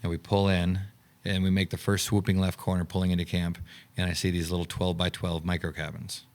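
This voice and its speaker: Deep-voiced man telling a lively story. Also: brisk. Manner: animated storyteller acting out quoted dialogue. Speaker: camp owner and director. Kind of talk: storytelling in a podcast interview.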